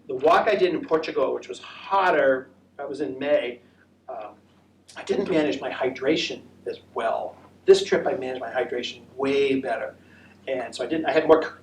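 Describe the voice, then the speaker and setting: A medium-pitched American man gives a casual, friendly talk about a walking trip in a senior center room, answering audience questions along the way. He rambles, full of fillers and restarts. The distant mic catches a roomy sound and faint noise.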